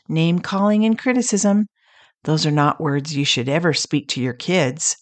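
Woman counselor doing her podcast, calm story voice, kinda low, dry recording. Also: normal speed, no echo. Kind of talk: scripted teaching talk with stories.

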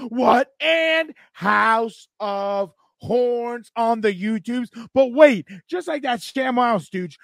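A man opening a sports podcast, loud and hyped, shouting catchphrases and plugs. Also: very high-pitched, animated, very slow, creaky, hardly any pauses, dry recording. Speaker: podcast co-host.

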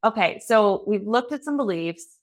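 A woman's voice: medium pitch, animated, normal speed. A woman in her thirties hosting a podcast interview, chatty and candid, laughing often and acting out her own inner thoughts. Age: 30s. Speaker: podcast host. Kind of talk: casual interview chat.

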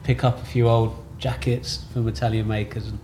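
A man who co-founded a tailoring business, answering interview questions in a relaxed, thinking-aloud way and often checking with his partner using tag questions. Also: mid-range voice, moderate pace, slight background noise.

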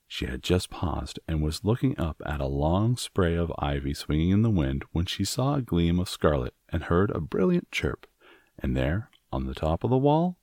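A man narrating a storybook in a measured, expressive reading. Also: sits low, dry recording, clean studio sound. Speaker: audiobook narrator.

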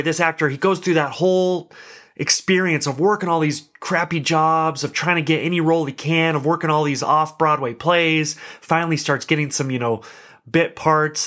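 A man's voice: fairly high pitch, a bit bright. A young adult man hosting a podcast, telling a story in a chatty, self-deprecating way and laughing now and then. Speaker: podcast host. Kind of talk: casual storytelling monologue.

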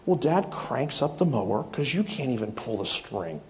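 A man's voice: mid-range voice, normal speed, slight background noise. A middle-aged man preaching a sermon as a pastor, telling stories with animation and acting out the people in them. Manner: animated storytelling, acts out voices.

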